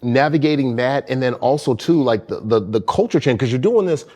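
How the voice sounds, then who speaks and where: A man's voice: mid-range voice, expressive, fairly quick, dark tone. A male co-host asking thoughtful, rambling questions with many restarts in a casual interview chat.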